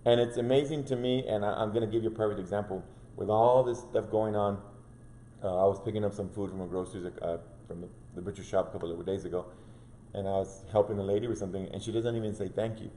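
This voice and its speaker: A man's voice: on the low side, fairly even intonation, quick pace, dark tone, reverberant, slight background noise. A man co-hosting a casual devotional chat, earnest and fond of rhetorical questions. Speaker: co-host.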